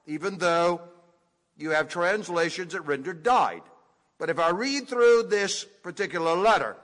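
A man preaching an expository sermon, teaching deliberately and leaning hard on key words. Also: high voice, bright, forceful tone. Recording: echoey hall with long reverb.

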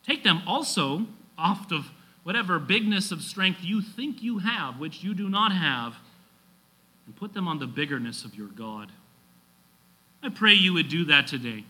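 Bright, high-voiced preaching man. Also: animated, moderate pace, slightly rough, low-quality recording. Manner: reads quotations from a manuscript, rising to emphatic exhortation. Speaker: pastor. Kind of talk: sermon.

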